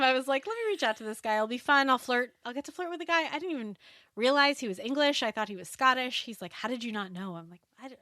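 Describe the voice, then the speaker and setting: Bright, animated woman telling a story. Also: high-pitched, dry recording, clean studio sound. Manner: animated, laughs often while telling stories. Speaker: podcast guest. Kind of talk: casual storytelling interview.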